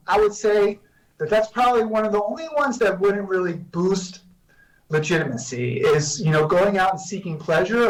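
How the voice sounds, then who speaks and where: Man explaining on a distant mic. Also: on the high side. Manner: measured, explanatory, with frequent "you know" and restarts. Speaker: guest, psychology professor. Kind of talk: remote interview answers.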